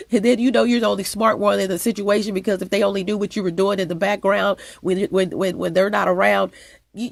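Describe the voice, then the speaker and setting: Gravelly woman with a stuffy nose. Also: mid-range voice, no room sound. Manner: repetitive, emphatic, with frequent restarts. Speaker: channel host. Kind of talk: rambling personal monologue.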